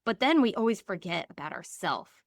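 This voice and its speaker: A woman guest talking earnestly and upbeatly in a casual podcast conversation, often with a soft laugh. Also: mid-range voice, big pitch swings, a little fast, no echo, clean studio sound.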